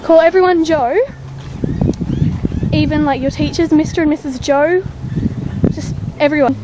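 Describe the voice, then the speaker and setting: Australian woman, vlogger, high voice, chatty, rambling, self-mocking. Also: a little slow, lo-fi sound, very noisy. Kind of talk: casual vlog chat.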